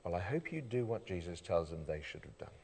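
A man preaching a sermon. He moves between loud emphasis and hushed intensity and keeps asking the listeners questions. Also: low voice, a little fast, slightly rough. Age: adult, father of children. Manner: animated, swings from loud emphasis to quiet intensity, asks rhetorical questions. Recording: reverberant hall.

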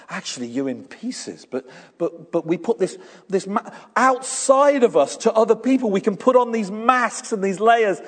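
A man preaching a sermon as pastor, animated and storytelling, acting out small dialogues with his congregation. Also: sits high, normal speed, slightly rough, big-room sound.

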